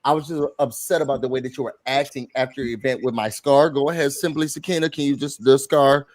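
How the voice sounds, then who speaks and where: A man hosting a live recap panel, retelling a reality show episode in casual, animated chat and acting out quotes from the cast. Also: medium pitch, fast, low-quality recording. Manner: animated, quotes cast members in put-on voices.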